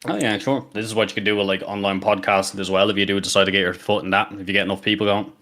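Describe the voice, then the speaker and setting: A man's voice: lowish voice, steady tone, rapid-fire, sharp tone. A man chatting casually over a voice call as a co-streamer, laid-back and rambling, swearing now and then. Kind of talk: casual chat.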